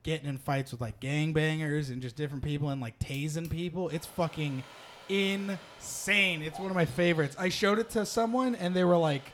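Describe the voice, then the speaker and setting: A man hosting a podcast, telling stories in casual, profane, animated chat. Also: a little high, normal speed. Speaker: podcast host.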